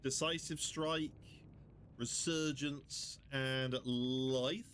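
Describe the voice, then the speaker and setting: A British man streaming a game, chatting casually and joking, often jumping up into high squeals. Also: steady tone, drawn-out words, fairly bright tone, a little hiss or hum. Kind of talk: casual gameplay commentary.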